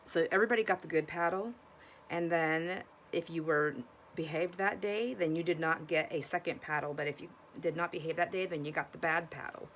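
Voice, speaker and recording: A woman's voice: low voice, fairly even intonation, brisk, a bit bright, a little hiss or hum. A woman from Washington State chatting casually to camera about her thrift finds, exclaiming and gasping as she goes, and often restarting her sentences. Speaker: vlogger showing thrift finds.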